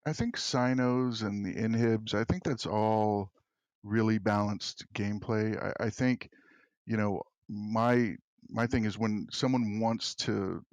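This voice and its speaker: Chill guy, lowish voice, dry close mic, panel talk. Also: steady tone, slow, a little mellow, no room sound, muffled recording. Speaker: panel guest. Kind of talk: casual panel discussion.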